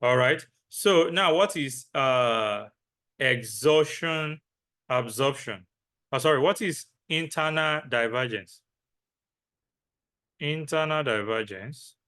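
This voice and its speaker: Male trading teacher, slow and deliberate, bright voice, asks and answers his own questions. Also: mid-range voice, lively intonation, clean tone. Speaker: trading instructor. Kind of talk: lecture with repetition.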